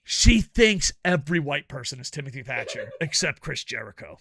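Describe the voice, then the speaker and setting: Male host, gravelly and bright, profane excitable rant, dry close sound. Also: mid-range voice, normal speed, no room sound. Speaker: wrestling reviewer and show host. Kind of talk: ranting casual video review.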